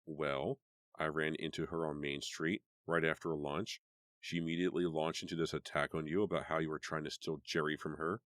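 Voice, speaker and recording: A man reading an audiobook, voicing a calm, steady teenage girl who soothes her friend in a quiet voice. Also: extremely low pitch, brisk, no room sound, clean studio sound. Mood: recounting.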